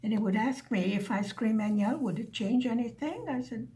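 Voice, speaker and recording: A woman vlogger chatting softly and musingly with her viewers while doing a diamond painting. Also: fairly high pitch, moderate pace. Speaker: craft vlogger. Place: living in Hungary, at home.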